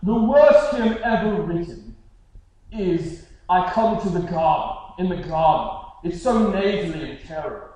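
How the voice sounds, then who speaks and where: A stuck-up British noble scholar with a sneering, haughty voice, as a man puts him on. It sits fairly high. It rings through a very echoey church hall, picked up from far off. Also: lively intonation, a little slow, a little mellow. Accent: British (put on). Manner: haughty, scornful. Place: church sanctuary.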